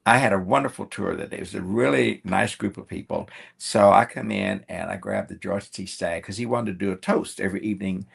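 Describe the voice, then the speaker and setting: An older man's voice, deep-set and heavily gravelly, with a husky, roughened edge. He tells a personal story to his podcast hosts at an unhurried storyteller's pace. He slips into the voices of the people in the tale as he goes. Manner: warm storyteller acting out quoted dialogue. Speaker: guest.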